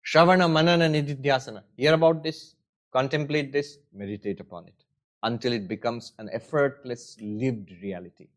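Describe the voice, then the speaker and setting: A man's voice: mid-range voice, moderate pace. A man giving a conversational lecture on scripture as a spiritual teacher, wry and full of rhetorical questions.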